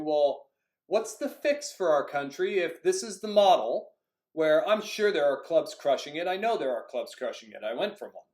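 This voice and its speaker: A man talks through his years coaching youth soccer in an animated, storytelling way, acting out old conversations. His voice sits a little high, and the room gives it a noticeable echo. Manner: frequent "like" fillers. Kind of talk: casual monologue. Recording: echoey room.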